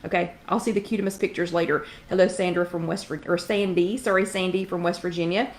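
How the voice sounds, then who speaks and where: A middle-aged woman hosts a live online chat. She talks casually and chattily, greeting viewers by name and filling pauses with ums. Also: fairly low pitch, fairly even intonation. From Knoxville, Tennessee. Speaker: livestream host.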